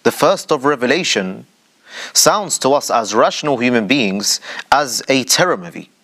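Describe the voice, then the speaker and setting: A man hosting a religious commentary show, with a voice of ordinary middle pitch for a man. He speaks rhetorically, turning to his audience and stressing his points with drama. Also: sing-song, moderate pace, fairly bright tone. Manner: rhetorical, addresses audience directly, dramatic emphasis. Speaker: show host.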